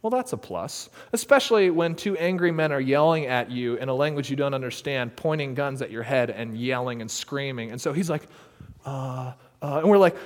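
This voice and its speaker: A man's voice: medium pitch, fairly quick, long reverb tail. A man from the United States telling a story casually, full of fillers and frequent laughter. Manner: animated, laughs often, many fillers. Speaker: missionary storyteller.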